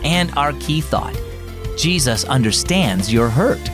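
A man's voice: on the high side, lively intonation, slow pace, over music. A man hosting a children's devotional program, reading scripted narration in an encouraging storyteller's way.

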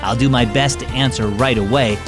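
A man hosts a children's devotional program, speaking directly to young listeners in a bright, upbeat way. His voice is mid-range with fairly even intonation and a fairly quick pace, and music plays in the background.

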